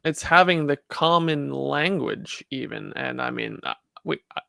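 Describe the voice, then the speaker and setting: Gravelly man from Canada, heady talk. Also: on the high side, expressive, measured pace, a bit bright, no room sound, studio quality. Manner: discursive, heady, many fillers and restarts. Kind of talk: casual conversation.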